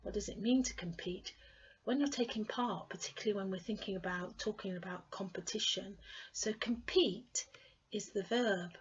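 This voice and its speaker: Teaching English pronunciation with a British accent, a woman stretches each model word clearly and patiently repeats words for imitation. She's brisk and steady in a mid-range voice, on a muffled recording with a little hiss or hum.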